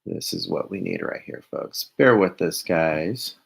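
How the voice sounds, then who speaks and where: A man with a very low, gravelly voice co-hosts a relaxed live stream. His pitch swings widely as he chats. He keeps telling his partner what to do next and laughs easily. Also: unhurried, rough recording. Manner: directs the other host step by step, laughs easily. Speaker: co-host. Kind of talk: casual live-stream chat.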